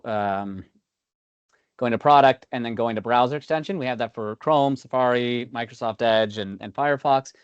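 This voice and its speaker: A man walks through a software demo on a video call, in a loose conversational way with many "you knows" and "ums". The call audio sounds dull and slightly lo-fi. The voice is dry and close, with no room echo. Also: medium pitch. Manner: conversational, frequent fillers like "you know" and "um". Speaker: product demo presenter. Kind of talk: online meeting product demo. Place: online video meeting.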